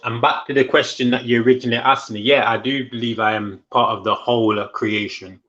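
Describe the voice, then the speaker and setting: A man's voice: medium pitch, steady tone, a little fast, a bit bright, highs cut off. A man in casual conversation who muses aloud and often stammers and restarts his sentences.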